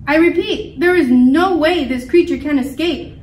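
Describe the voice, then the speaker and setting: A woman's voice: high voice, animated, moderate pace. A woman voicing a scheming male mouse scientist with a greedy showman manner, read from a storybook. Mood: reassuring. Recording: echoey room, mic far off.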